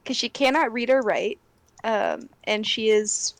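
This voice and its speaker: A woman's voice: fairly high pitch, measured pace, dry recording. A woman chatting at a tabletop game table as a player, talkative and laughing often. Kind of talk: casual chat at a game table.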